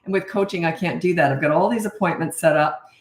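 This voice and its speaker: A woman's voice: fairly low pitch, fast, slight background noise. A woman in her sixties, a parenting coach, answering viewer questions in a blunt, emphatic and opinionated way. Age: 60s. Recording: echoey room.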